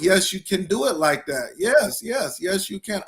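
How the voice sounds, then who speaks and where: A middle-aged man who is a school principal, hosting a live-streamed educational podcast. He is energetic and hyped, repeats phrases for emphasis and greets viewers one by one by name. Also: high-pitched, unhurried.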